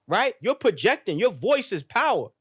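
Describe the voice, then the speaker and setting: Man, podcast guest, motivational talk, emphatic, repetitive, profane, slightly high voice. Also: big pitch swings, normal speed, slightly rough.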